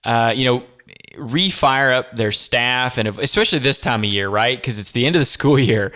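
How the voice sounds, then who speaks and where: A man hosting an interview podcast, warmly affirming his guest and asking loose, conversational questions. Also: mid-range voice, normal speed. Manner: enthusiastic, affirming, loose phrasing. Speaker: podcast host.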